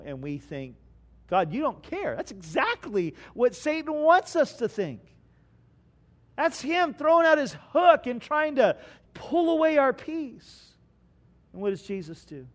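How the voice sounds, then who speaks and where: A man preaching a sermon as pastor, asking his congregation questions and swinging from hushed lines to loud bursts. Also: high voice. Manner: preaching with dramatic swings between quiet and loud; asks the congregation rhetorical questions.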